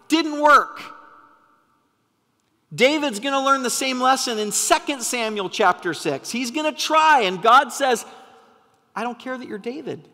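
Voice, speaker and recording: Passionate high-voiced male preacher, reverberant hall. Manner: passionate, sometimes yelling for emphasis. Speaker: pastor. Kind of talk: sermon. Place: church hall.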